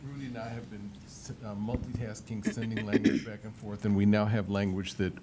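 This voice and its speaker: A man on a committee explaining draft wording, reading it out slowly and stammering through restarts. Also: lowish voice, steady tone, noisy background. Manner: halting, reads wording slowly. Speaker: committee member. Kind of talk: formal meeting discussion.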